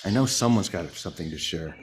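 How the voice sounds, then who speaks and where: A man's voice: sits low, lively intonation, fast talker, slight background noise. A man leading a morning spiritual session in a playful, humorous way, calling on listeners by name. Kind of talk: informal sermon.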